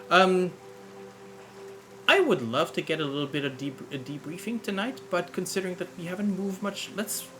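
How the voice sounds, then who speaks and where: A man narrating and running a tabletop game as game master, in a slow, relaxed, descriptive manner. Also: on the high side.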